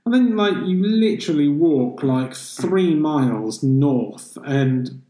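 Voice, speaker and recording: A man's voice: a little high, expressive, slow pace, dark tone, roomy sound, low-quality recording. Man, swears freely in casual chat. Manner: swears freely, mimics accents while retelling. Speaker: podcast co-host.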